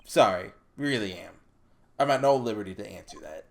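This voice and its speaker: A let's player voicing a gruff older Scottish prison governor, reading game dialogue in a slow, low, halting put-on brogue. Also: animated. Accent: attempted Scottish.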